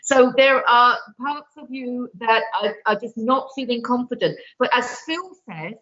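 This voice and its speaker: A woman's voice: on the high side, unhurried, fairly bright tone, dull audio. A woman giving card readings on a live online show, earnest and reassuring. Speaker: card reader guest.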